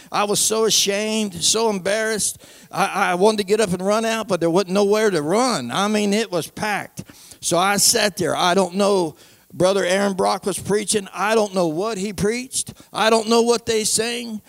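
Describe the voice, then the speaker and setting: A man's voice: high-pitched, vocal fry, no room sound, studio quality. A man giving an emphatic personal testimony in church, talking in a folksy way with nonstandard grammar and repeating "I'm telling you.".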